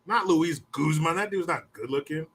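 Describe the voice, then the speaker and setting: A man's voice: on the high side, fairly bright tone, slightly rough. A man hosting a podcast, telling a rambling story in a casual, profane way and swearing freely. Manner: rambling, swears often, puts on quick mocking voices. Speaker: podcast host.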